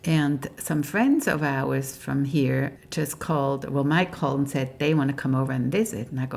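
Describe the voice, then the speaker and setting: A woman's voice: a bass voice, normal speed, creaky. A middle-aged woman from Switzerland, a Swiss German native speaker, telling personal stories as a guest in an earnest way, often laughing between phrases. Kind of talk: casual storytelling.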